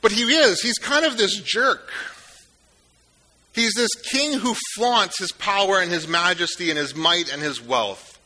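Bright-voiced pastor preaching conversationally. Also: male voice, high-pitched, measured pace. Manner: conversational, joking asides. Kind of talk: sermon.

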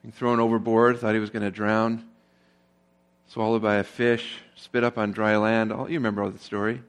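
A man's voice: on the low side, little pitch movement, moderate pace, clean tone. Man preaching a conversational sermon. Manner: conversational preaching with rhetorical questions; grows more emphatic when stressing a point. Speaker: pastor.

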